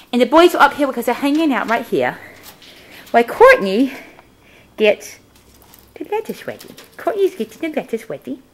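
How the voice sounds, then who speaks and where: A woman showing her guinea pigs in a casual home video at home, talking in cooing baby talk to her pets, filmed on a handheld camera. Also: sits high. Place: indoors at home.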